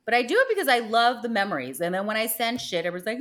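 A woman's voice: a little high, expressive, rapid-fire, a bit bright. A young woman co-hosting a casual podcast, gossipy and dramatic, swearing freely and acting out quoted voices. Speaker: podcast co-host. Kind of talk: casual chat.

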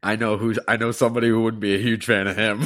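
A low-voiced man co-hosting a podcast, ribbing his friends with crude jokes and a steady stream of swearing. His voice sounds dry and close to the mic, with no room sound around it. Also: fast, dry recording. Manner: crude, teasing banter with heavy swearing. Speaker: podcast co-host. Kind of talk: casual chat.

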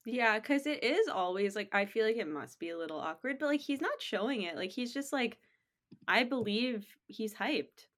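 Bubbly woman cohost, pitch all over the place, giggly and playful. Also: animated, a little fast, few pauses. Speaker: podcast co-host. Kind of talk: casual sports chat.

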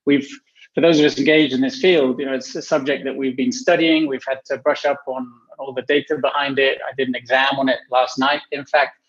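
A man's voice: medium pitch, flat delivery, a little fast, muffled recording. A man speaking as a guest on a video-call panel from his home office, thoughtful and sometimes restarting his sentences. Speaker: panel guest, healthy workplace specialist. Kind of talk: casual panel talk.

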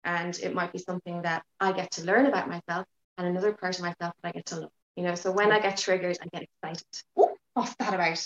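A woman talking as a podcast guest in casual interview chat, frank and lively, swearing now and then. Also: fairly low pitch, fast talker, reverberant, highs cut off. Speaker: podcast guest, yoga teacher.

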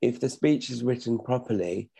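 Middle-aged male actor, interview guest, gravelly and husky, modest and chatty. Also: mid-range voice, normal speed, mellow. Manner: modest, chatty, self-correcting. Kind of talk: casual interview talk.

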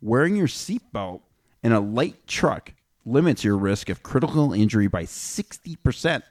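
A man's voice: mid-range voice, sing-song, moderate pace, no room sound, studio quality. A man hosting a casual podcast, reading out statistics with offhand jokes. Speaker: podcast host.

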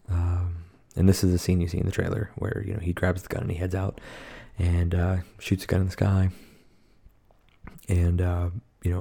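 Rambling and profane, this man co-hosts a podcast and casually walks through a horror movie, leaning on lots of fillers. His voice sits low, gravelly yet warm.

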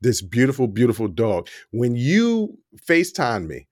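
A man's voice: mid-range voice, wildly swooping pitch, measured pace, no echo, clean studio sound. A man hosting a podcast, chatting casually, laughing often and speaking straight to his listeners. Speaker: podcast host. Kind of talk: casual chat.

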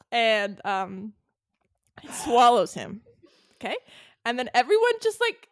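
A woman's voice: on the high side, sing-song, slow pace, long pauses, dry recording, studio quality. A woman co-hosting a podcast, recapping a book in casual chat and leaning hard on "like" as a filler. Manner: chatty, heavy use of "like". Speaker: podcast co-host.

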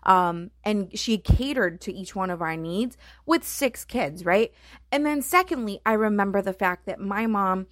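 A woman's voice: mid-range voice, expressive, unhurried, fairly bright tone, no echo. Earnest reflective mother, dry close sound. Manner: earnest and reflective, with many fillers like "you know" and "right?". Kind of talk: heartfelt personal monologue.

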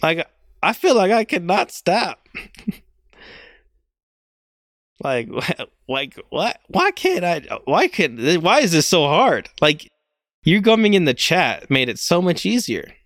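Slow-talking self-mocking young man. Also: high-pitched, big pitch swings, fairly bright tone, no echo, studio quality. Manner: self-deprecating, rambling, laughs often. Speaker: podcast host. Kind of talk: casual solo podcast rambling.

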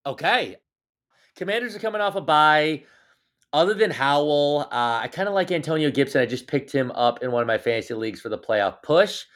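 A man's voice: on the high side, brisk, fairly bright tone. A man co-hosting a casual sports podcast, teasing and joking as he talks. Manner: playful, teasing, jokey. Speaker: podcast co-host.

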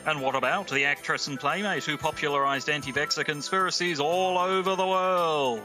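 A man putting on a showy TV presenter voice, with slow, grand announcer delivery over music. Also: on the high side, lightly acted. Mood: grandiose. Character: showy male celebrity-lifestyle TV presenter. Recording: music playing underneath.

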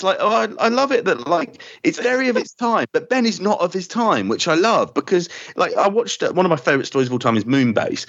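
A man's voice: sits high, brisk, few pauses. A man hosting a podcast, chatting casually, swearing freely and acting out scenes. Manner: animated, profane, acts out scenes. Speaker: podcast host. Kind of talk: casual chat. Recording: dull lo-fi audio.

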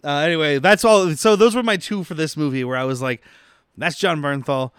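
A man co-hosting a loose movie-recap podcast, cracking jokes and slipping into mock voices to quote scenes. His voice sits a little high. The sound is dry and close, with no room around it. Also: brisk, a bit bright, clear, resonant tone, no room sound. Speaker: podcast co-host. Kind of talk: casual movie-recap banter.

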